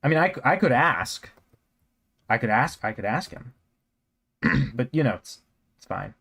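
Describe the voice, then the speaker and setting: A man's voice: medium pitch, big pitch swings, measured pace, vocal fry, bright, forceful tone, slightly rough. A man chatting casually while drawing on a live stream, rambling with jokey self-mocking asides and a scratchy throat. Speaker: cartoonist streamer.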